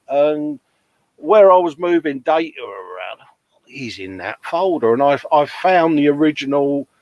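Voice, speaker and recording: A man with a fairly high, darkish voice hosts a live modelling show, reading out viewer comments and calling everyone mate. He's chatty and matey and laughs often, and the recording is muffled with no echo.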